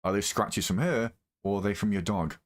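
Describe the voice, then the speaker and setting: A man hosting a live reaction, his voice sitting a little low. He rants in an angry, profane stream, repeating himself as his temper rises. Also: normal speed. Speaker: reaction video host.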